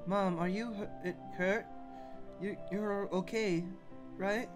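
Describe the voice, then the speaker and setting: Sweet little girl, done by a man in a game, pitched way up, eager and childlike. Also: fairly even intonation, slow pace, music in the background. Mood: worried. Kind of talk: let's play voice reading.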